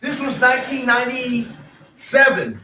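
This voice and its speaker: A man's voice: very high-pitched, expressive, a little slow, sharp tone, echoey room, slight background noise. A man in his fifties, a former nurse, telling his story in an emphatic, aggrieved way. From East Texas. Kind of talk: casual spoken storytelling.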